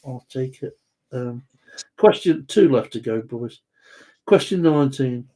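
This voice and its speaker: A man's voice: mid-range voice, expressive, a little slow, dark tone. A man hosting a live quiz chat, reading out viewers' answers in a rambling, jokey way and stumbling over words.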